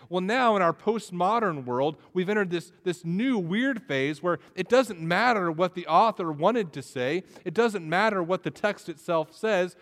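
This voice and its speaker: A man's voice: high-pitched, moderate pace, hardly any pauses, fairly bright tone. A man preaching a sermon as pastor, often restarting phrases and repeating words. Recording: reverberant hall.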